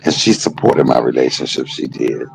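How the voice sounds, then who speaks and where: A man streaming a casual storytelling monologue, animated and laughing, shifting between jokes and heartfelt moments. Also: very deep voice, normal speed, gravelly, slightly rough, rough recording.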